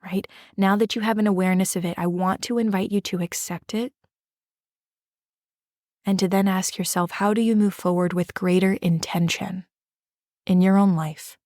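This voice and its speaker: A woman speaks as a podcast host, telling a personal story gently and earnestly. She guides the listener through breathing and reflection and often asks "right?". Her voice sits mid-range and sounds close and dry. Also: medium pitch, steady tone, moderate pace, no echo. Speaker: podcast host and drama therapist.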